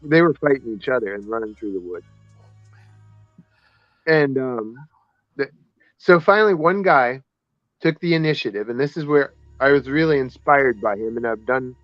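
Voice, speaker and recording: A man's voice: medium pitch, normal speed, long pauses, dry recording, faint music behind. Man telling a rambling story, muffled dry audio. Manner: rambling, self-correcting, acts out voices in his stories. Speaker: podcast guest telling a story. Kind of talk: casual conversational storytelling.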